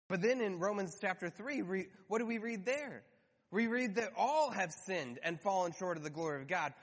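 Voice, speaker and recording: Guy preaching a sermon, kinda high voice, lively and chatty, hall reverb. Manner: animated, conversational, slows for emphasis.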